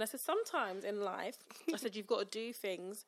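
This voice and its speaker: A woman's voice: mid-range voice, a little fast. A young woman, a teacher, chatting casually and acting out her students' voices as she tells stories. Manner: animated storyteller who acts out her students' voices. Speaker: teacher and podcast co-host. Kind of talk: casual chat.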